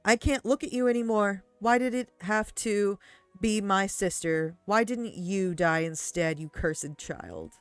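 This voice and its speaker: A woman's voice: mid-range voice, a little slow, smooth, no room sound, faint music behind, lightly acted. A woman voicing a stern, cold middle-aged aunt who speaks in cutting words. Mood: bitter.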